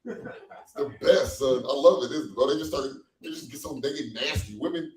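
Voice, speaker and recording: A man performing a stand-up comedy set in a small cafe, animated and loose, acting out quoted voices. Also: medium pitch, normal speed. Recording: echoey room from far off.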